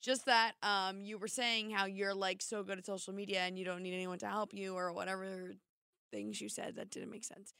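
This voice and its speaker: A woman with a slight New Jersey accent co-hosting a radio podcast in a casual, teasing, loud way. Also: mid-range voice, flat delivery, normal speed, vocal fry, clean tone, dry recording, studio quality. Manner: loud, teasing, talks in bursts. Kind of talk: casual chat.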